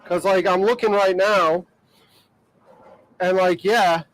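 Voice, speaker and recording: A man's voice: high voice, steady tone, takes it slowly, rough recording. A man from Ohio chatting casually to viewers of his live stream from a boat out on the water. He rambles, leans on "like" and fillers, and laughs often. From Ohio, USA. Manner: rambling, filler-heavy talk with many "like"s and frequent laughter. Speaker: livestreaming boat vlogger.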